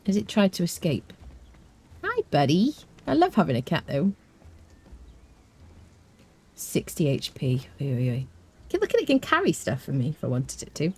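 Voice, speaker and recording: A woman's voice: low-pitched, huge pitch swings, normal speed, pauses often, darkish tone, breathy edge. A British woman streaming a game live, chatting casually, rambling with fillers and answering her chat. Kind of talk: casual live gameplay commentary.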